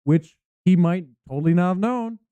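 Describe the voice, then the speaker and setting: A man hosting a podcast in casual chat, halting and restarting, acting out quoted lines. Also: high voice, warm tone, clean tone, no echo, lo-fi sound. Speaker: podcast host.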